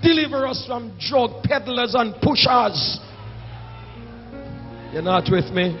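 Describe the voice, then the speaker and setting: A man with a Jamaican accent preaching a fiery sermon as bishop and senior pastor, shouting in drawn-out exhortations and singsong pleas and calling on the congregation to answer. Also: very high-pitched, expressive. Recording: dull lo-fi church recording with music.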